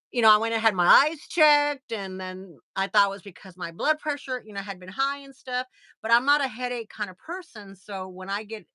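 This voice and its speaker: A middle-aged American woman hosting a livestream, telling a story in a casual, animated way, laughing often and acting out what people said. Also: medium pitch, dry recording. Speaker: livestream host.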